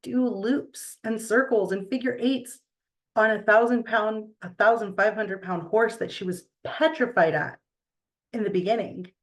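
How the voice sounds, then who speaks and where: A middle-aged woman giving a reflective motivational talk, earnest and deliberate, with pauses between phrases. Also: mid-range voice, poor audio.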